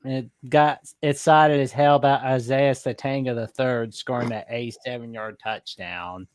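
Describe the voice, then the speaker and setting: A man's voice: mid-range voice, fairly even intonation, normal speed, dry recording, studio quality. A man co-hosting a casual sports livestream, rambling through his thoughts with lots of restarts. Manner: rambling, many fillers and restarts. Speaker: co-host.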